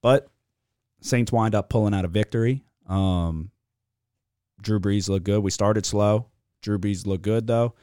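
A man's voice: fairly low pitch, a little slow, long pauses, dark tone, clean tone, no room sound, studio quality. A young man hosting a casual sports podcast, telling stories bluntly and cursing freely. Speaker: podcast host.

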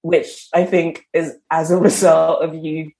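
A woman's voice: low voice, little pitch movement, a little slow, vocal fry, warm tone. A woman with a London English accent, a guest chatting casually on a podcast, laughing often and using lots of fillers. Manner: giggly, chatty, many fillers. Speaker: guest writer.

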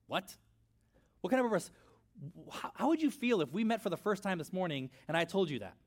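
A middle-aged man preaching a sermon in a church, conversational and animated, with storytelling asides. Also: sits high, fairly quick. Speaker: pastor.

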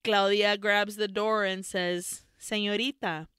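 A woman's voice: mid-range voice, measured pace, clean tone, no room sound, studio quality. A woman co-hosting a podcast, animatedly retelling a film with free swearing and bits of Spanish. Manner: animated storyteller, swears freely, mixes in Spanish. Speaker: podcast co-host.

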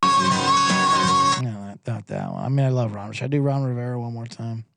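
A man's voice: medium pitch, brisk, vocal fry, loud music behind the voice. A man hosting a sports show, rambling through a casual, profane monologue. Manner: rambling and profane, with animated impressions.

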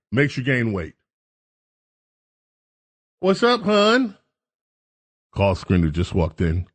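A man hosting a talk radio show, rambling through a jokey, self-mocking monologue. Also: lowish voice.

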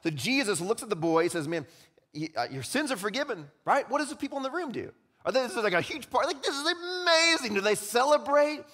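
A young adult male pastor preaching a sermon, animated, acting out quoted voices and dropping to quiet emphasis. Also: high voice, fast talker. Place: church sanctuary. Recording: long hall reverb.

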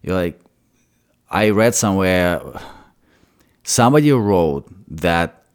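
A man's voice: low-pitched, expressive, takes it slowly, clean tone. A man from Russia with a Russian accent, a guest actor talking thoughtfully in a casual interview and often restarting his phrases.

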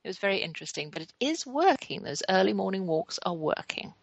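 A woman's voice: mid-range voice, big pitch swings, a little fast, gravelly, no room sound, poor audio. A middle-aged woman, hosting a talk show and telling a chatty, self-deprecating story about her day. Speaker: podcast host. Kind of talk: casual storytelling monologue.

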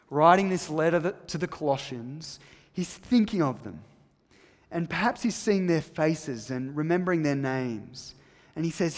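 A man preaching a sermon emphatically, swinging between loud stresses and soft, low asides. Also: big-room sound.

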